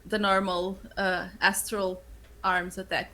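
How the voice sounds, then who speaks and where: Unhurried woman rolling dice at the table. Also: medium pitch, flat delivery, bright, forceful tone. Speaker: player. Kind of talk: casual tabletop game play.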